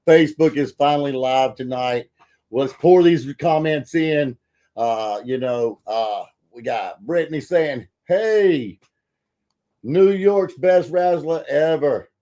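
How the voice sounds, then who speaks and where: A man hosting a podcast in casual, folksy chat, full of fillers and bursts of excitement. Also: mid-range voice, unhurried. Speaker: podcast host.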